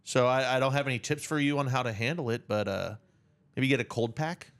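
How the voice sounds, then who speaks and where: Podcast co-host, young male, mid pitch, joking and lively, given to mock yelling. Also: brisk. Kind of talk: casual chat.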